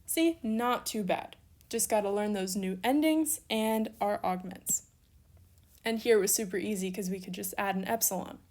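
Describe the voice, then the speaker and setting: This young woman teaches a recorded language lesson in a mid-range, somewhat dark voice at a moderate pace. Cheerful and supportive, she walks through worked examples, fixing her own slips casually and adding little asides.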